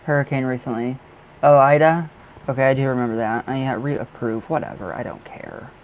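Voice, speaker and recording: A man's voice: mid-range voice, fairly quick, rough recording. Young guy doing live tarot readings, chatty, says sorry a lot, bit of faint hiss in the back. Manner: chatty, easily distracted, frequent apologies and laughs. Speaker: livestream tarot reader. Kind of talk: casual live-stream chat. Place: dark room at home.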